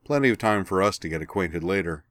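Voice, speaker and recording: A man voicing a menacing, drugged-up male firebender thug who talks rough and street-wise, in a storybook reading. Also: sits low, lively intonation, fast talker, a bit bright, dry recording.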